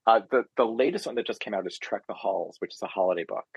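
A chatty, playful man with a slightly low, husky voice, speaking as a guest on a casual podcast. The sound is dry and close. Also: fast talker, no echo, low-quality recording. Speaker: guest author.

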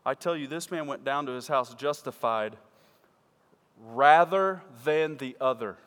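A man preaching a sermon to his church, swinging from loud emphatic peaks to quiet low asides. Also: measured pace. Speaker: pastor. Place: church sanctuary. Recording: church hall with long reverb.

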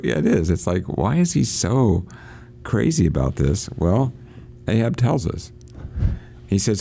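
A man's voice: on the low side, sing-song, gravelly, mellow, slightly rough. A man on a radio program reading passages from a novel aloud and talking them over, with frequent restarts. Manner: reads quoted passages aloud, halting with restarts. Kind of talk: casual reading and discussion on radio. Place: church.

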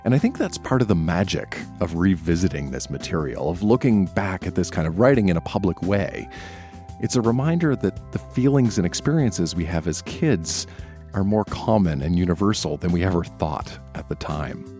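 A man hosts a live storytelling show, introducing the next reader in a calm, reflective tone. His voice sits very low, with faint music playing behind it. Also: moderate pace. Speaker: host.

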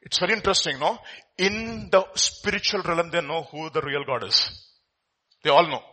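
A man from India preaching a sermon, his delivery swinging between loud, emphatic bursts and quiet, hushed asides. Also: on the high side, normal speed, husky.

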